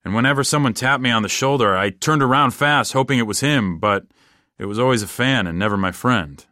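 A man telling a comic first-person story in a deadpan, rambling, casual way. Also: mid-range voice, fairly quick, no echo, clean studio sound.

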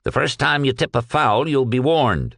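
A man's voice: mid-range voice, lively intonation, normal speed, vocal fry, a bit bright, dry recording, clean studio sound, pitched above the performer's own voice. A man reading aloud and voicing a shrewd, genial retired old businessman who talks in a purring, folksy way. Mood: stern.

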